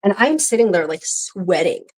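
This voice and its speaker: Young woman, chatty co-host, animated storyteller who acts out dialogue. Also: medium pitch, moderate pace, low-quality recording. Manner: animated storyteller acting out quotes. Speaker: podcast co-host. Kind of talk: casual chat.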